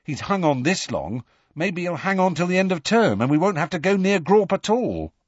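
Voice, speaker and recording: A man reading an audiobook voices a blunt, excitable teenage boy who speaks with indignation and disbelief. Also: sits high, moderate pace, slightly rough, no echo, lo-fi sound, voice pushed up, exaggerated voice. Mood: hopeful. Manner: blunt, incredulous.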